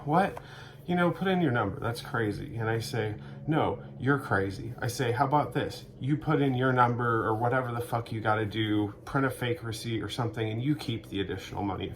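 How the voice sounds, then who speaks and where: A man in a rambling, deadpan comedic monologue, sarcastic and profane, acting out both sides of made-up conversations. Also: medium pitch, a little fast, slight background noise. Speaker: vlogger.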